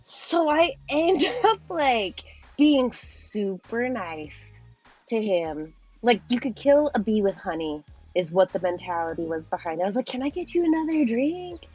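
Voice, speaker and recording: Young woman telling a wild story on a podcast, lively, laughing and swearing, music faint behind. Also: medium pitch, measured pace, dull audio. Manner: animated, laughing often, swearing. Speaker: podcast guest. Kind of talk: casual storytelling.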